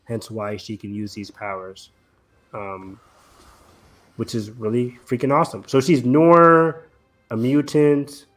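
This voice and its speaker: A man's voice: mid-range voice, fairly even intonation, slow, fairly bright tone. A man hosting a casual podcast chat, talking eagerly with many fillers. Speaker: podcast host.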